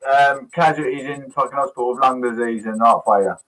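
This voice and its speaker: A man in casual chat as co-host, blunt and jokey, trading quick banter. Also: mid-range voice, fairly bright tone, rough recording.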